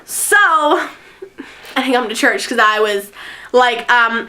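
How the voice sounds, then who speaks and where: A woman vlogger telling a storytime tale in excitable, giggly chatter. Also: a little high, slow pace, slight background noise. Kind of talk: storytime vlog.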